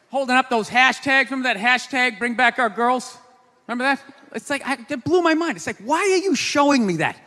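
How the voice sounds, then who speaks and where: A man doing a stand-up comedy set on a stage before a live audience, ranting and often shouting his punchlines. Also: very high-pitched. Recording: live show hall with crowd noise. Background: audience laughter and murmur.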